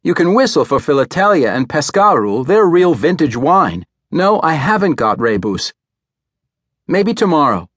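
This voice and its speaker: A man voicing a brisk young woman selling newspapers at a kiosk, in an audiobook reading. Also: sing-song, fairly bright tone, no room sound, studio quality. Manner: chirpy, high, quick announcements.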